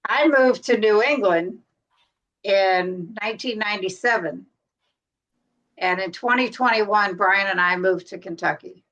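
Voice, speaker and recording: A woman from North Carolina hosts a casual livestream chat. She talks freely and laughs easily, in a relaxed, everyday tone. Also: mid-range voice, measured pace, muffled recording. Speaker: livestream host.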